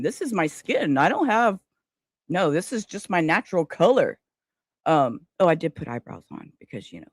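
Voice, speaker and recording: A woman's voice: lowish voice, slightly rough, no room sound, studio quality. A woman hosting a live stream in casual chat, rambling and losing her words. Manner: scattered, rambling, self-interrupting. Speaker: livestream host.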